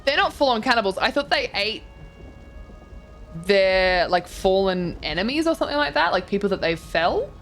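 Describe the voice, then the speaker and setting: Her medium-pitched voice is expressive, a bit bright and at a normal speed, with soft music in the background. This young streamer casually chats while touring game houses, reading chat aloud and reacting with gasps and swearing.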